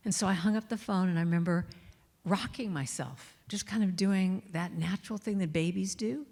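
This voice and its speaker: A middle-aged woman giving a talk at a church, telling stories and softly singing lines of her chants. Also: lowish voice, normal speed, vocal fry. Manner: warm storytelling, sings lines softly. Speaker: guest speaker and singer. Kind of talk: sermon with sung chants. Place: church sanctuary. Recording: long hall reverb.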